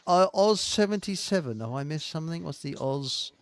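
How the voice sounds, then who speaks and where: A man's voice: fairly high pitch, lively intonation, normal speed. An older man hosts a live online talk show, rambling casually in a salty, chuckling way. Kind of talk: casual live-stream chat and joke telling.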